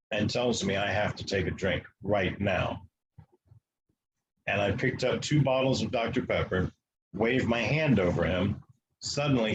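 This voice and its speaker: A man from the United States, a guest telling a long story in an interview, matter-of-fact and halting with fillers. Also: lowish voice, lo-fi sound, background noise.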